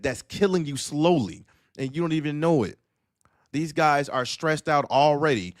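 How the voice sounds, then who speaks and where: A man's voice: on the high side, no room sound, studio quality. Emphatic man on a talk panel. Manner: emphatic and repetitive, acting out quoted voices in his stories. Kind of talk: casual commentary rant.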